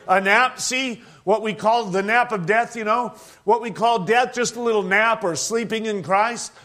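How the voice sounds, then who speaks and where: A man's voice: high voice, moderate pace, pushed and bright. A man in his sixties preaching a sermon, telling the story in a folksy way with plain country grammar and frequent chuckles. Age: 60s.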